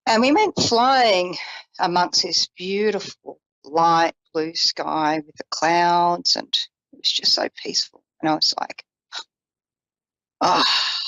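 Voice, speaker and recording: A woman psychic telling a personal story in an animated, casual way, with self-deprecating asides, acting out the voices she quotes. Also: on the low side, dry recording, rough recording. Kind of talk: storytelling on a call-in psychic show.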